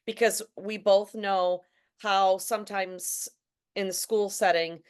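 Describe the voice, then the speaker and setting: A woman's voice: medium pitch, fairly even intonation, takes it slowly, smooth. Chatty woman hosting an interview. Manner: chatty, with stammered restarts. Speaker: host. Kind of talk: casual interview chat.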